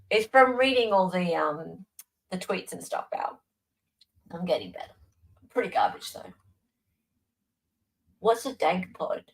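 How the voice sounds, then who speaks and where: A woman's voice: medium pitch, expressive, measured pace, long pauses, poor audio. A woman with an Australian accent hosting a casual livestream, chatting and answering viewers' comments by name. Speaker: livestream host. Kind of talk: casual live-stream chat.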